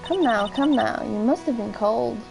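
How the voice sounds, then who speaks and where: A woman's voice: a little high, lively intonation, moderate pace, creaky, over music, low-quality recording. A woman voicing a cheery elderly female head nun who chuckles in a sing-song way for a game read-along. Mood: jolly.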